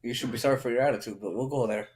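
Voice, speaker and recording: A man co-hosting a casual chat who reacts with quick, incredulous rhetorical questions. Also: mid-range voice, a little mellow.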